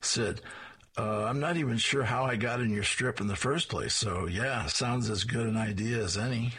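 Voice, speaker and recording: Man, middle-aged, reading comic strips aloud, husky voice, bright tone, lightly voices the characters. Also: lowish voice, moderate pace. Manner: plain descriptive reading, lightly voicing characters.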